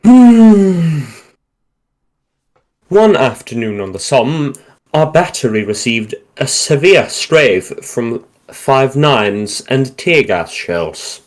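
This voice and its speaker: A man's voice: medium pitch, animated, slow pace. A man reading short war stories aloud on a livestream, stumbling and joking over dialect words. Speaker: livestream reader.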